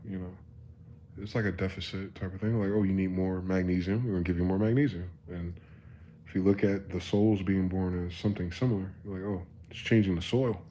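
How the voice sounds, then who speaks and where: A man's voice: low voice, steady tone, fairly quick, a little hiss or hum. Rambling profane man on a livestream. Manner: rambling and profane, drifting from quiet musing to loud ranting. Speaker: live-stream host. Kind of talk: casual live-stream monologue.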